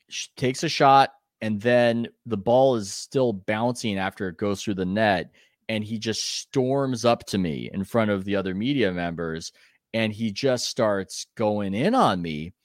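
A man with a fairly low voice tells a story from his reporting days as a podcast guest. He talks in a chatty, animated way, with quick asides and self-corrections. The sound is dry and close, with no room around it. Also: no echo. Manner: animated anecdote telling with quick asides and restarts. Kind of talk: conversational podcast interview, storytelling.

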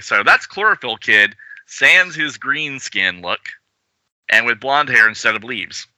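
A man's voice: mid-range voice, animated, measured pace, pushed and bright, dry recording, poor audio. A man hosting a casual chat about comics, reading panels aloud and laughing along. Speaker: podcast host. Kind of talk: casual comic-book discussion.

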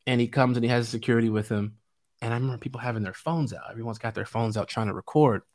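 Man guest from Chicago, middle-aged, animated anecdote teller with a middle pitch. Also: fast talker. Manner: animated, laughing often, acts out quotes. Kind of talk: casual storytelling.

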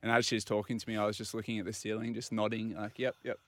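A man's voice: lowish voice, racing, dry recording. Australian guy telling a story dry. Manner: animated anecdote, acting out quoted dialogue. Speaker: regular guest. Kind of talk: casual storytelling.

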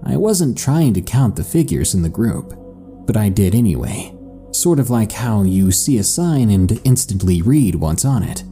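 A man narrating a listener's horror story in a measured, suspenseful first-person read for a podcast. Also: on the low side, sing-song, dark tone. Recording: faint music bed under voice.

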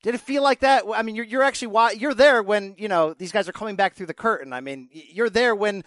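A man hosting a casual interview, asking questions in a halting way with many fillers and restarts. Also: high voice, a bit bright, dry recording. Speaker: podcast host.

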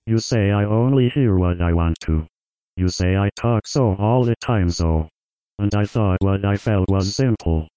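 A stiff, low-resolution male computer voice recites lines with flat, awkward robotic delivery. It sounds smooth and crisp, with a dry close sound and no room around it. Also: a little slow, no echo, rough recording. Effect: text-to-speech. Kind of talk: reading song lyrics aloud.

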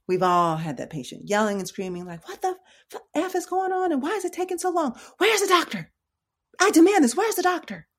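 A woman emergency room nurse giving casual, conversational advice, slangy and direct with her listeners. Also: on the low side. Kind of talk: casual educational talk.

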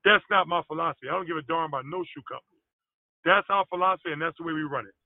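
High-voiced man on a tinny phone line. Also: rapid-fire, dry recording. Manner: animated storyteller, loose grammar. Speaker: guest, former pro basketball player. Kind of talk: casual interview storytelling.

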